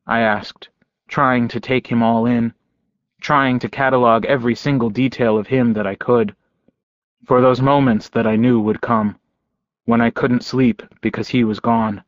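A man narrating a novel in first person, quiet, measured and intimate. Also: mid-range voice, fairly even intonation, no room sound. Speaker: audiobook narrator. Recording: dull, dry lo-fi recording.

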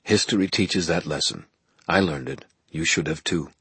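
A calm, wise old wizard, put on by a man reading aloud. He murmurs quietly in a deep, husky voice, close and dry. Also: normal speed, no room sound, heavily acted.

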